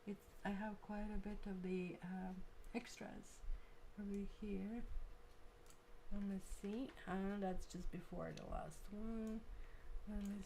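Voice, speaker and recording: A woman's voice: medium pitch, fairly even intonation, slow pace, creaky, mellow, slight background noise. A woman hosting a live tarot stream, chatting casually with viewers and thinking aloud while she works.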